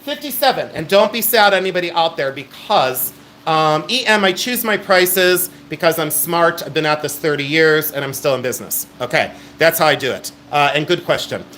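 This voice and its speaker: A man's voice: fairly high pitch, lively intonation, moderate pace, sharp tone, slight background noise. A middle-aged man hosts a live-stream jewelry auction. He talks in a chatty, emphatic sales patter. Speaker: live sale host.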